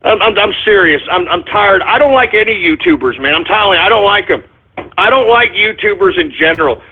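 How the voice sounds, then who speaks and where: A man's voice: sits high, expressive, a little fast, slightly rough. A man hosting a radio show, ranting angrily and profanely, repeating himself as he goes. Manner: angry, profane, repetitive ranting. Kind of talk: ranting call-in radio monologue. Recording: muffled phone-line audio.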